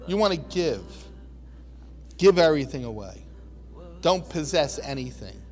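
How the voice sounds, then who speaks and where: A man's voice: a little high, big pitch swings, measured pace, pauses often, a little mellow, faint music behind. A man preaching a sermon in a conversational, emphatic storytelling way, likely in a church.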